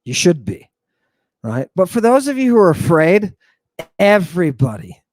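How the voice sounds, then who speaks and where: A man's voice: sits high, moderate pace, dry recording. A man teaching an Ancient Greek lesson in a theatrical, teasing drill-sergeant manner. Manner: animated, teasing.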